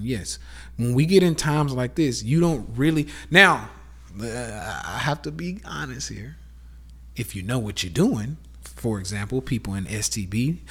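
A man with a Southern accent hosting a casual rant podcast, blunt and profane, lecturing his listeners as y'all. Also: lowish voice. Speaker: podcast host.

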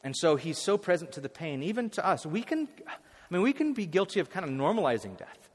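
Animated preacher with a high-ish voice in a reverberant hall. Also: male voice, fast talker, slightly rough. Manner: animated, with sudden loud excited bursts and many restarts. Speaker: pastor. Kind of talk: sermon.

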